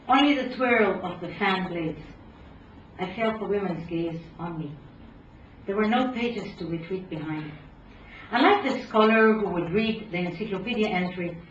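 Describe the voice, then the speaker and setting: A woman's voice: animated, slight background noise. Woman professor reading aloud in a hall. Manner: measured, dropping low at phrase ends. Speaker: professor giving a lecture. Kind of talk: reading aloud from her book. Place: lecture hall. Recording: roomy hall, distant dull mic.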